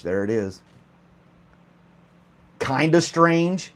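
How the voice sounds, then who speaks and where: A man's voice: on the high side, expressive, moderate pace. A man hosting a casual morning chat show, joking and laughing often while a pet clings to his arm. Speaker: host.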